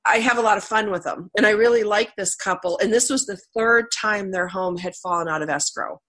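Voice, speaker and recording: A woman's voice: mid-range voice, a little fast, a bit bright. A middle-aged woman hosting a radio talk show, who has a cold and tells stories chattily, laughing often. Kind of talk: casual interview chat.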